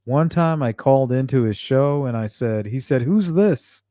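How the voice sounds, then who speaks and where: A man's voice: medium pitch, moderate pace, warm tone, clean tone, dry recording, studio quality. A man hosting a true-crime livestream, chatting casually and reading out viewer comments, blunt and often profane. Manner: blunt and profane, with frequent fillers.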